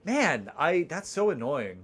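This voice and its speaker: A man's voice: a little high, big pitch swings, unhurried, husky. A man streaming his own text game, reading its narration aloud and chatting playfully, rambling with restarts.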